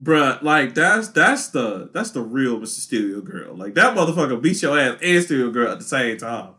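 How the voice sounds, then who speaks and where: A man co-hosting a podcast in casual chat, animated and hyped, laughing often. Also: medium pitch, moderate pace. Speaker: podcast co-host.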